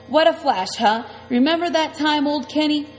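A woman's voice: high-pitched, moderate pace, big-room sound, slight background noise, pitched above the performer's own voice, lightly acted. A woman reading an audiobook, voicing a crude, mocking woman who taunts and giggles. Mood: taunting.

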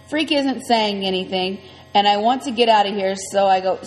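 A woman's voice: mid-range voice, moderate pace. A woman reading a first-person story aloud in a conversational, vivid way. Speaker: audiobook reader. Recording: long reverb, faint music.

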